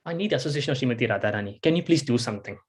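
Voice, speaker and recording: A man's voice: mid-range voice, expressive, very fast, pitched below the performer's own voice, natural voice. A man voicing a playful young cowherd boy who pleads impatiently to be let go. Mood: pleading.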